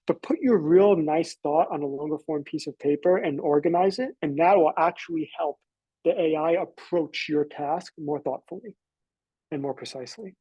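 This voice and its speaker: An American man explains things on a live webinar in a relaxed, rambling way, pausing on fillers and restarting his sentences. His voice sits a little higher than most men's, and it is mellow and slightly husky. The recording is dry and close, with no room sound. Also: no room sound, highs cut off. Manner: casual, loose, filler-heavy explaining. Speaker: webinar presenter.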